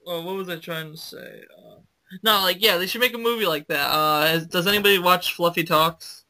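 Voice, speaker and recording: A teenage boy co-hosting a casual podcast, excitable and quick to blurt out ideas. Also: high voice. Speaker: podcast co-host. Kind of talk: casual chat.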